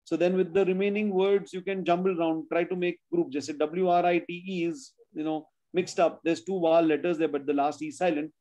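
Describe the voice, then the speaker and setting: A man's voice: a little high, fairly even intonation, fairly quick, hardly any pauses, dark tone. A man teaching a spelling class over a video call, explaining rules step by step, correcting students and mixing in Hindi. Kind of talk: online class lesson.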